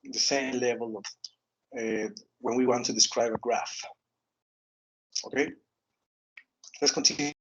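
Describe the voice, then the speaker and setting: Halting teacher, tags "no?". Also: male voice, mid-range voice, steady tone, breathy edge, lo-fi sound. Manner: halting, repeats words, frequent "okay" and "no?" tags. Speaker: English teacher. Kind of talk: online grammar lesson.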